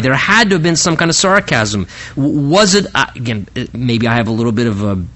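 A man's voice: on the high side, sharp tone. A man preaching a conversational sermon, often stammering and restarting his phrases. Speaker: pastor. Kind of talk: sermon, Bible teaching.

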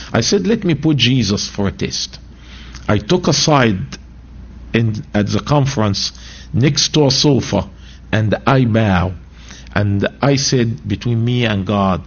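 A man's voice: medium pitch, takes it slowly, dull audio. Egyptian-born man preaching his testimony. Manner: animated storytelling, broken grammar, voices quotes. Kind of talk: sermon testimony.

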